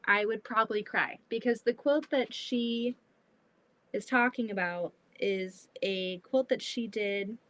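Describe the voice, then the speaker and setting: A woman hosting a casual livestream while she sews, chatty and animated, often breaking into exclamations. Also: on the high side, measured pace. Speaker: livestream host. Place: home sewing room.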